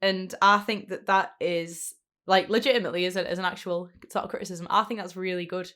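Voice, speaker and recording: Chatty woman, low voice. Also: steady tone, brisk, pushed and bright. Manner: chatty, many "like" fillers, quotes scenes in little voices. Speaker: podcast co-host. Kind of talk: casual chat.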